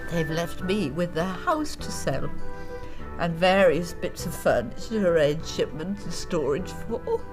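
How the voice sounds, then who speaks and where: A woman's voice: lowish voice, big pitch swings, a little slow, music in the background. An actress playing a self-pitying, middle-aged English widow reading out her letter, sighing and fussy, with an English accent. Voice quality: melodramatic, sighing, fussy and prim.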